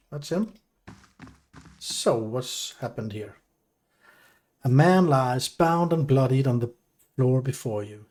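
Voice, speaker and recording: A man's voice: medium pitch, a little mellow. A young man with a Danish accent reading game text aloud as a let's play host, correcting himself as he goes. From Denmark. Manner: careful reading with self-corrections.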